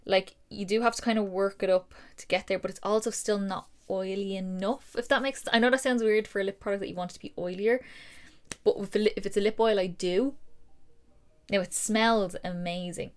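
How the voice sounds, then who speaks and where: A woman's voice: mid-range voice, steady tone, fairly quick, clean tone. Chatty woman vlogging a beauty haul. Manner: chatty, rambling and enthusiastic. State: out of breath. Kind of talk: casual haul vlog. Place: home room with holiday decor.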